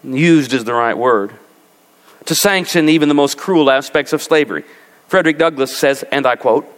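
A man preaching a sermon as pastor, animated and rising to emphatic peaks. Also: mid-range voice, moderate pace. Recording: long reverb of a large hall.

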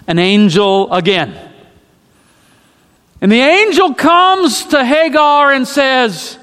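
Slow, high-voiced dramatic preacher. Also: male voice, very animated, a bit bright, smooth, in a large hall. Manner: dramatic storytelling with emphatic repetition. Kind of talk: sermon.

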